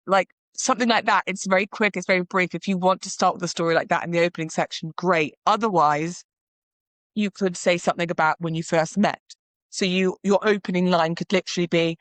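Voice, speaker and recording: A woman, a wedding celebrant, hosting a podcast and giving chatty, animated advice while she acts out example vows. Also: fairly low pitch, moderate pace, no echo. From United Kingdom. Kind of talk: casual advice monologue.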